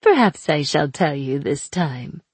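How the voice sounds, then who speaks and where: A woman's voice: sits low, very animated, breathy edge, no room sound, heavily acted. Woman voicing a taunting chained sorceress. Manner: slow, taunting, drawn-out. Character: mocking chained sorceress woman, cruel and sly. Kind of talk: audiobook character voice.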